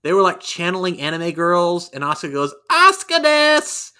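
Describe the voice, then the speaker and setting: A man with a bright, fairly high voice co-hosts a casual review chat. He talks animatedly and jumps into raised voices to act out quotes. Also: steady tone, a little fast. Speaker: podcast co-host.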